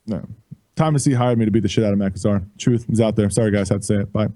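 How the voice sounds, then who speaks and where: A man co-hosts a call-in show in a mellow, dark voice, recorded dry and close. His banter is crude and joking. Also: lowish voice, fairly even intonation, very fast, dry recording. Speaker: podcast co-host. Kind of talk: live call-in show chat.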